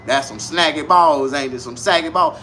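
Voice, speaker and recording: Loud crude man ranting to camera. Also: a little high, moderate pace, slight background noise. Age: 40s. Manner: loud, crude, animated street slang. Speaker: vlogger. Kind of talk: casual comedic rant to camera.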